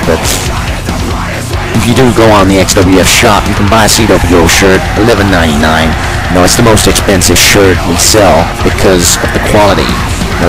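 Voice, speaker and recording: A man's voice: low voice, rough recording. A man commentating on a video game wrestling show as host, in a chatty, rambling way full of asides.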